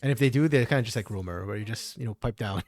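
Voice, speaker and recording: A man co-streams an esports match, giving casual commentary in a chatty, laid-back way and answering chat. His lowish voice is a little mellow and very fast.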